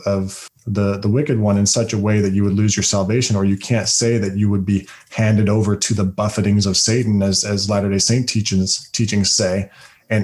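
A man's voice: on the low side, a little mellow. A man hosting a podcast, speaking emphatically with frequent restarts in a casual theological discussion. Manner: emphatic, many fillers and restarts. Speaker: podcast host.

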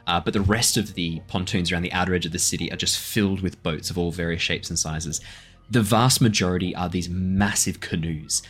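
A man with a very low voice narrates a tabletop adventure as dungeon master, describing scenes in a loose, hesitant way. Faint music plays under him. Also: fairly even intonation, a little fast, fairly bright tone, breathy edge.

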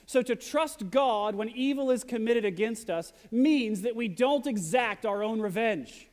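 A pastor delivers his sermon in a high, bright-pitched voice, earnest and direct, easing into humorous asides now and then. His words ring out into a large hall that carries a long reverberation behind him. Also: a little slow.

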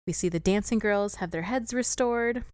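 Giggly woman recapping a film, smooth voice. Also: mid-range voice, normal speed, a little mellow, dry recording, clean studio sound. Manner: chatty plot recap, giggly. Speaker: podcast co-host recapping a film. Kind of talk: casual chat.

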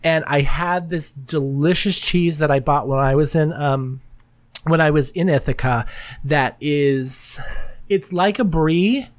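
A woman's voice: deep voice, a little slow. A woman hosting her own podcast in casual solo chat, rambling candidly and often laughing mid-sentence. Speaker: podcast host.

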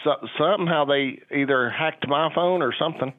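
An older man, a father, rambles hesitantly on a phone call, filling his speech with fillers. His fairly high voice moves at a normal speed, and the telephone line sounds tinny but has no echo.

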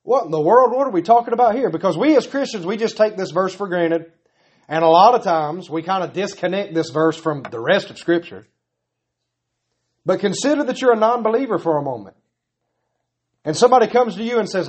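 Male pastor, earnest repetitive sermon delivery, slightly high pitch. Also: lively intonation, a little fast, a little mellow, slightly rough. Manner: earnest, pleading, repetitive emphasis.

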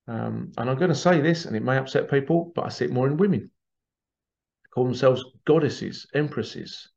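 A man hosts a spiritual podcast in a casual monologue, rambling and opinionated, acting out quotes in little voices. His mid-range voice is creaky and a little mellow, with the highs cut off.

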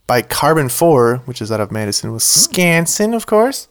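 A man's voice: fairly high pitch, very animated, normal speed. Male co-host, tipsy, profane and exasperated, casual podcast banter. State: tipsy from drinking.

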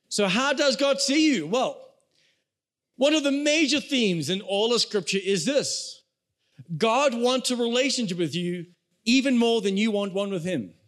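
A young adult man, a pastor, preaching a sermon in a conversational way and speaking straight to the congregation. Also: sits high.

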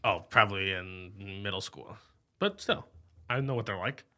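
An American man with a very bright, sharp-edged voice, talking casually as a podcast co-host. He rambles and jokes around in easygoing chat. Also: fairly low pitch, normal speed. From United States. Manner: rambling, playful, puts on silly voices.

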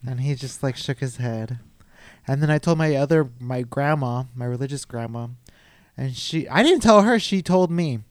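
A man's voice: medium pitch, normal speed, no echo, studio quality. A man in casual chat who teases the others and tells his own story, quoting his family. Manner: teasing, chatty, quotes family members in storytelling. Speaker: guest.

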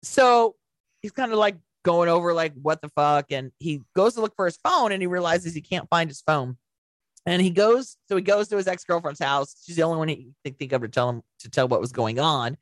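A woman's voice: fairly low pitch, expressive, a little fast, dry recording. A young woman co-hosting a podcast, casually recapping a film in a rambling, swearing, laughing way. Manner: rambling storyteller, swears a lot, laughs often. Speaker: podcast co-host. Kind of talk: casual movie recap chat.

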